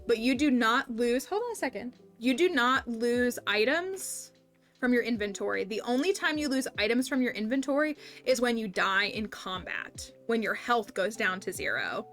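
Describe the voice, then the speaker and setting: A woman's voice: fairly high pitch, expressive, moderate pace, a bit bright. Chatty woman streamer over game music. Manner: chatty, self-interrupting, explains game mechanics. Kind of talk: casual gameplay livestream chat.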